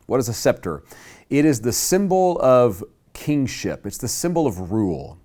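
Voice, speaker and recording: A man teaching a Bible class to a live group, emphatic and slowing down to stress key words. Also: medium pitch, big pitch swings, a little mellow.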